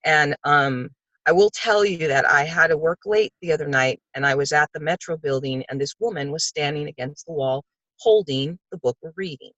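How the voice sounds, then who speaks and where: Bright, dry-sounding older woman sharing. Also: sits low, moderate pace, no room sound, lo-fi sound. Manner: heartfelt, animated storytelling, acts out quoted voices. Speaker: book club participant. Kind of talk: casual sharing on a video call. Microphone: video call.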